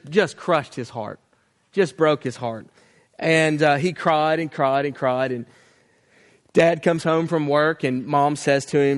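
A man in his thirties preaching a sermon on family. He speaks earnestly, tells stories, and often restarts his sentences. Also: fairly high pitch. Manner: earnest, storytelling, with many restarts. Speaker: pastor.

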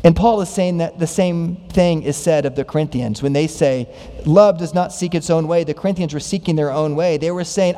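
A man preaching a sermon, asking many rhetorical questions and acting out quoted voices with big pitch jumps. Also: normal speed, dark tone. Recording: long hall reverb.

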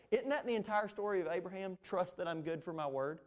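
A man's voice: high-pitched, quick pace. A man preaching an expository sermon, earnest and emphatic, with fillers and restarts. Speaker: pastor.

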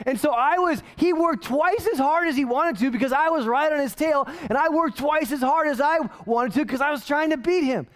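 A woman's voice: high-pitched, normal speed, hardly any pauses. A woman preaching a sermon in a casual, joking, self-deprecating way, telling stories from her own life. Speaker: pastor. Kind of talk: conversational sermon.

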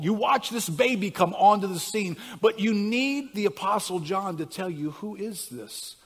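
Husky-voiced man preaching in a reverberant hall. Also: fairly high pitch, moderate pace. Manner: animated and conversational, building to emphatic peaks. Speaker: pastor. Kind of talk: sermon.

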